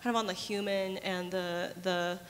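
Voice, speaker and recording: A woman's voice: mid-range voice, fairly even intonation, normal speed, in a large hall, a little hiss or hum. A woman speaking on a conference panel, thoughtful and hesitant, with many fillers.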